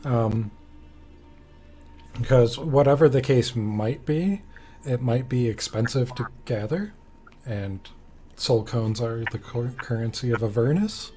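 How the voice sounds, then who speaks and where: A man's voice: medium pitch, warm tone, soft background music. A man running a tabletop game as game master, speaking hesitantly and laughing often. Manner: slow, hesitant, with frequent laughs.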